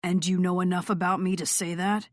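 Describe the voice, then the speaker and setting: Woman voicing a gruff, scoffing male rock star. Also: lowish voice, little pitch movement, brisk, no echo, clean studio sound, lightly acted. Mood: sarcastic. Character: brooding, sarcastic male rock star, young adult. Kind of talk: audiobook character voice.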